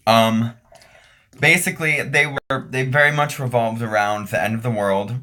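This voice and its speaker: A young man vlogging casually, telling a personal story with profane jokes and quick asides. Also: mid-range voice, pushed and bright.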